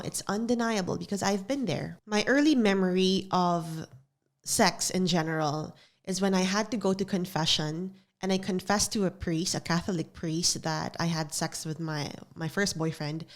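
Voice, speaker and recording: Solo podcast host, young woman, lowish voice, earnest and confessional, studio-recorded. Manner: earnest, confessional, repeats phrases for emphasis. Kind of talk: reflective solo podcast talk.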